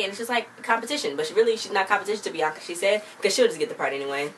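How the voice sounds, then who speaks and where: A woman's voice: mid-range voice, lively intonation, very fast, hardly any pauses, far from the mic, slight background noise. A woman chattily recapping a TV episode in a casual vlog, acting out the characters' lines as she retells them. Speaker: TV show recap vlogger.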